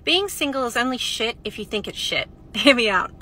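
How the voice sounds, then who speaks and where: A woman in her late twenties talks to camera in a candid, confiding vlog. Her voice is very bright and sharp. A faint noise runs behind her. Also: fairly high pitch, expressive, moderate pace, poor audio. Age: 20s. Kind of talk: casual vlog monologue.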